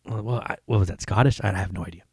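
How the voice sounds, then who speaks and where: A man's voice: on the low side, quick pace, darkish tone, breathy edge, dry recording, clean studio sound. A man hosting his own podcast, talking casually in a rambling, heavily profane and enthusiastic way. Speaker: podcast host. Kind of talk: casual solo podcast talk.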